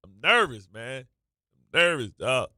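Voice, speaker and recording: A man's voice: mid-range voice, big pitch swings, a little slow, sharp tone, dry recording, studio quality. A man hosting a sports radio show, talking in nervous, stammering, repeating bursts of banter. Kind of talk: excitable sports talk banter.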